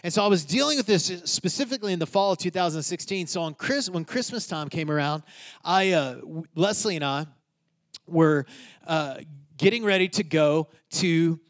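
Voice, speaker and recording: A man preaching from the pulpit, telling a personal story in an easy conversational way. His voice sits a little high for a man. He swings between emphatic bursts and soft, hushed stretches. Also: expressive, moderate pace. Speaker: pastor. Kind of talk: sermon.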